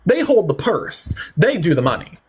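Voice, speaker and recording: A man hosting a livestream political debate, talking fast, mocking and sarcastic, with theatrical swings in tone. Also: sits high, big pitch swings, breathy edge.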